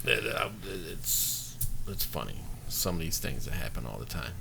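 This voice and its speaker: Man, casual storytelling, laughs a lot, lively swooping pitch, faint background hiss. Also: normal speed, creaky. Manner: laughs while telling stories, acts out voices.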